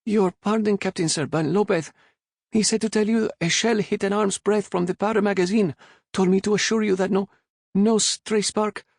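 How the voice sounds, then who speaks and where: A frightened, stammering cabin boy, his voice pushed high and thin, as a man acts him out. He is a timid lad caught in a sea battle in a storybook read close to the mic, with no room around him. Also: steady tone, normal speed, gravelly, no room sound.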